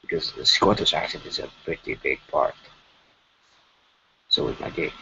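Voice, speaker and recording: A man's voice: very deep voice, expressive, normal speed, vocal fry, pushed and bright. A man chatting casually on a live stream while animating, rambling and stammering through frequent restarts. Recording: dull lo-fi stream audio with faint noise.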